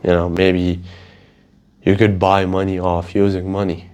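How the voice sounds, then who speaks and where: With a smooth, low-pitched voice and a measured pace, a man hosts a solo podcast. He tells animated stories casually, swearing and wandering off track as he goes.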